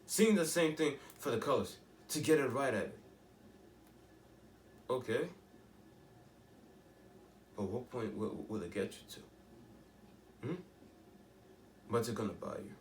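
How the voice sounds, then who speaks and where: A man's voice: mid-range voice, expressive, unhurried, long pauses, echoey room, recorded from a distance, a little hiss or hum. A teenage boy talking in a rambling, emphatic way, often restarting and asking rhetorical questions. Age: teens. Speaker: vlogger. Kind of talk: casual monologue to camera.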